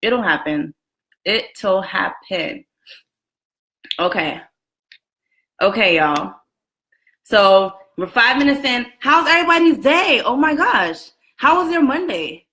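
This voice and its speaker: A woman in her twenties hosting a casual live video chat from a room at home, chatty and lively, greeting viewers by name and laughing often. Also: sits high, measured pace. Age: 20s. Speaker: livestream host. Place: room at home with a roommate next door. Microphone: camera and phone set up for a live stream.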